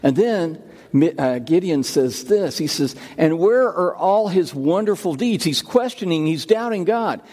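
A pastor delivers a sermon in a fairly high voice, often repeating his words and restarting phrases as he tells his stories. His voice carries a long reverb from a church sanctuary. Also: expressive, measured pace, darkish tone. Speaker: senior pastor.

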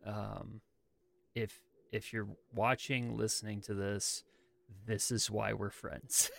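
A man hosting a podcast who chats in a relaxed, friendly way. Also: lowish voice, slow, gravelly. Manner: relaxed, friendly wrap-up with fillers. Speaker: podcast host. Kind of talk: casual chat.

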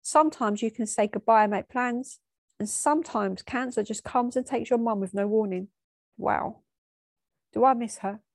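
A woman telling a painful personal memory, tearful and halting, often stopping and restarting. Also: a little high, creaky, darkish tone, no room sound, clean studio sound. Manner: halting, emotional storytelling with restarts. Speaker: storyteller. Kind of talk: personal spoken memoir.

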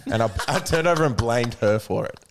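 A man's voice: mid-range voice, animated, fairly quick, slight background noise. Blunt young man. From Australia. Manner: blunt, laughing, crude banter. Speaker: podcast host. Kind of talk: casual chat.

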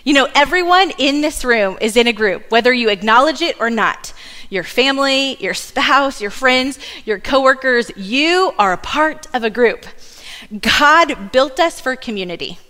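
A woman in her thirties giving a sermon in a church, telling family stories with lively asides. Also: high-pitched, a little slow, big-room sound. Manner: warm storytelling with asides and laughs. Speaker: church speaker. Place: church sanctuary.

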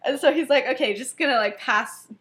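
A woman's voice: high voice, a little fast, a bit bright. A young woman co-hosting a podcast, retelling a story in casual chat, giggling often and acting out quoted lines with lots of fillers. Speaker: podcast co-host.

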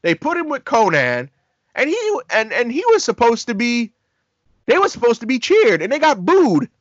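A man co-hosting a casual talk show, telling stories in a lively way and acting out quotes with laughter. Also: very high voice, normal speed, dry recording, dull audio. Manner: animated, acts out quotes with laughter. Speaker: podcast co-host. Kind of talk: casual storytelling chat.

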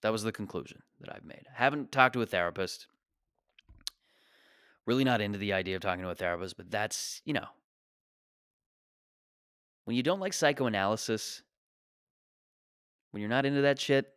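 A young man with a lowish voice rants through a comedy bit. He sounds exasperated, swears freely and pokes fun at himself. The sound is dry and close, with no room around it. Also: animated, moderate pace, pauses often, fairly bright tone, clear, resonant tone, no echo. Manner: exasperated ranting, profane, self-deprecating. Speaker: stand-up comedian. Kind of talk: stand-up rant.

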